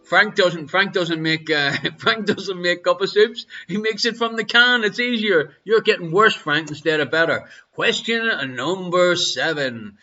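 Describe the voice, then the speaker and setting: High, bright Irish quiz host. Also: male voice, a little slow, hardly any pauses, muffled recording. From Ireland. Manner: jokey, teasing banter with viewers in the chat. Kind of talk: live-streamed pub quiz hosting. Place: his home. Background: faint music.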